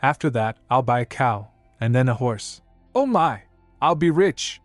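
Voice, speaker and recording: A man voicing a poor, hardworking little girl who talks brightly and eagerly in a recap story. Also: mid-range voice, little pitch movement, moderate pace, no room sound, soft background music, natural voice. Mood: cheerful. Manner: bright, eager, wide-eyed.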